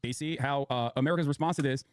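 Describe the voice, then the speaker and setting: A man's voice: medium pitch, clear, resonant tone. A young adult man streaming and reacting to news clips in casual, sarcastic, heated commentary, swearing freely. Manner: sarcastic, fast-talking, profane, heated. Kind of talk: casual live commentary while gaming.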